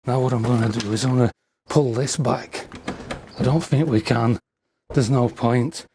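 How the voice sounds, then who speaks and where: A man's voice: medium pitch, steady tone, moderate pace, noisy background. A man talking to his handheld camera while exploring a derelict building, out of breath and muttering wry asides to himself. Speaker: urban explorer vlogger. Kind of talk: casual running commentary while exploring. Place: derelict building with cellar and broken glass. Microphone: handheld camera mic while holding a torch.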